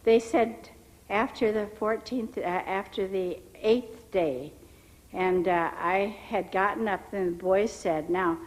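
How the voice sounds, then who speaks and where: A woman's voice: mid-range voice, rough recording. Older woman telling a church testimony. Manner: animated storyteller who acts out the people she quotes; rambling, with frequent restarts. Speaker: missionary giving testimony. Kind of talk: personal testimony storytelling.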